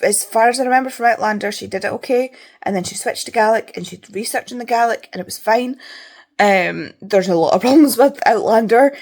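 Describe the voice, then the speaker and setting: A young Scottish book vlogger with a medium, slightly dark voice chats casually at home about her reading. Her talk is loose and ranty, full of free swearing.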